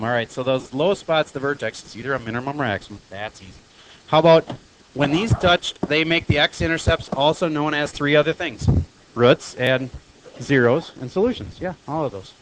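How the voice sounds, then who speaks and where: A man's voice: a little high, a bit bright, a little hiss or hum, low-quality recording. Chatty male math teacher quizzing a class. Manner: chatty, quizzing students with quick questions. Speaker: high school math teacher. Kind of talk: classroom lecture.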